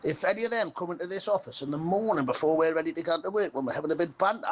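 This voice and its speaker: Male radio caller, high voice, blunt and ranting, dull phone line. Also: very fast, a little hiss or hum.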